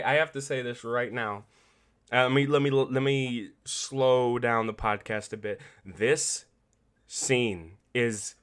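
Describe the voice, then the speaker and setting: A man hosting his own podcast, talking casually and profanely about a video game, laughing often and swinging from loud excitement to quiet earnest remarks. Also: on the high side. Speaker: podcast host. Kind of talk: casual solo podcast commentary.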